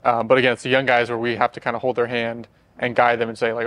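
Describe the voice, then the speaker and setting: A young man hosts a casual podcast, talking quickly and leading the questions. His pitch stays level and even throughout, with little rise or fall. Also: dry recording. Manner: quick, conversational, leads the questions. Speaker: podcast host.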